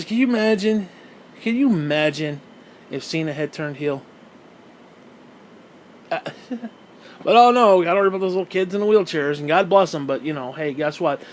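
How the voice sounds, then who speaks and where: A man with a high-sitting voice rants heatedly as a wrestling fan he's been since the 1980s, sarcastic and swearing throughout. There's a little hiss or hum on the recording.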